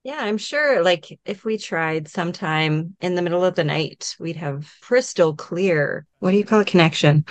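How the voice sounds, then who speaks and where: A woman's voice: lowish voice, moderate pace, hardly any pauses, no room sound. A woman co-hosting a podcast in casual chat, giggling often and retelling moments with animation. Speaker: podcast co-host.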